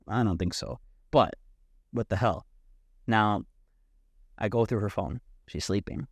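A man telling a wild personal story as a podcast guest, animated and profane, leaning on "like" a lot. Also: lowish voice, moderate pace, no room sound, studio quality. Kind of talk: casual storytelling.

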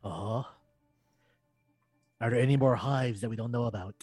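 Player, mid pitch, dry close sound, faint music, keeps asking questions. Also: moderate pace, a little mellow, husky, dry recording. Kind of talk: casual tabletop play.

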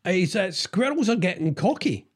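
Man, radio co-host, husky tone, halting delivery, high-ish voice. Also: sing-song. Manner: rambling, halting with many fillers. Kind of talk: jokey morning radio banter.

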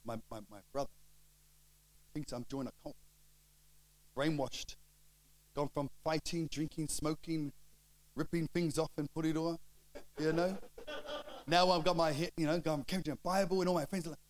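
A middle-aged man, preaching a storytelling sermon and acting out the dialogue with lively shifts of voice. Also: a little high, normal speed, long pauses, low-quality recording. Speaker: pastor.

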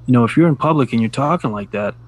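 A middle-aged man co-hosting a casual podcast, telling reflective stories in a measured way and laughing at his own jokes. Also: mid-range voice, expressive. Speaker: podcast co-host. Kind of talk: casual chat.

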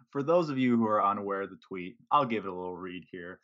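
A man's voice: on the low side, animated, fairly quick, fairly bright tone. A man co-hosting a podcast in casual sports chat, wry and laid-back with a sarcastic edge. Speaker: podcast co-host. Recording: dull lo-fi sound.

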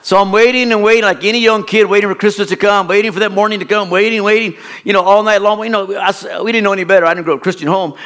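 A middle-aged man preaching a sermon as a pastor, telling a folksy, rambling childhood story in an animated way. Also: sits high, very fast, few pauses.

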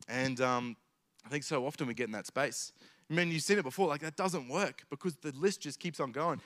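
A man's voice: medium pitch, fast, fairly bright tone. A man preaching a sermon in an earnest way, building his points through emphatic repetition.

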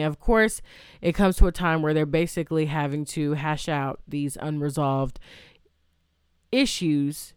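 Smooth-voiced woman rambling through a movie recap. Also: sits low, a little mellow, dry recording, clean studio sound. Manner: rambling, loose retelling with many fillers and restarts; chatty, reacts aloud to the story. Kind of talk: casual movie plot recap.

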